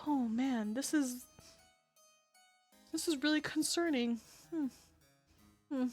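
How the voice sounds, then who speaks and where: A woman streaming a game with her chat, talking casually, excitable and quick to swear and laugh. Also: sits high, faint music behind.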